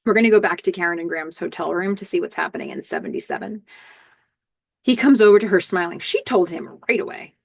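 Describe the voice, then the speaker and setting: A woman with a fairly low voice hosts a casual podcast recap, walking through scenes with plenty of fillers and sudden excited outbursts. Her voice sounds dry and close, with no room echo. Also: quick pace, gravelly, husky. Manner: chatty, lots of fillers and "I don't know", excited outbursts. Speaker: podcast host recapping a TV episode.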